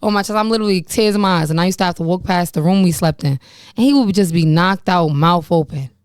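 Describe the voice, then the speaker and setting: A young woman hosts her own podcast, speaking candidly and bluntly about her experiences, with profanity and rueful laughter. Her voice sits a bit low and sounds smooth and clear. The recording is dry and close, with no room echo. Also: fast. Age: young adult. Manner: frank and profane, laughs about painful memories. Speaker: podcast host. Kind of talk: candid personal storytelling.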